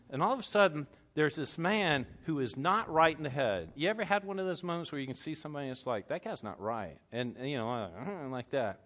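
A pastor with a Southern drawl delivers his sermon in a slightly high voice. He tells stories with animated energy, rising to loud bursts and dropping to near-hushed lines. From Southern United States. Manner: animated storytelling preacher, swinging between loud and hushed.

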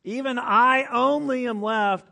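A man's voice: very high voice, unhurried, vocal fry, pushed and bright, pitched above the performer's own voice, full character voice. A man preaching who puts on a whiny, pleading voice for a weary, self-pitying male prophet.

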